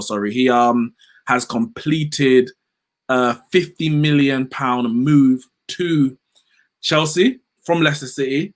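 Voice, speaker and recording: A man hosting a casual football livestream, animated and slangy, reading out viewer comments. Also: medium pitch, moderate pace. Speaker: host.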